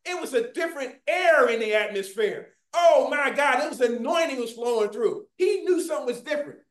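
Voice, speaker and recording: A preacher delivering a fervent sermon, often shouting and calling out to the congregation, recorded in a church. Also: high-pitched, expressive, fairly quick. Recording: echoey room.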